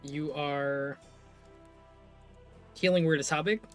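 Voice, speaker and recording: A man with a slightly high voice runs a tabletop game as its game master. He narrates the scene loosely, breaking off and restarting with fillers as he goes, with faint music playing underneath. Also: fairly even intonation, slow pace.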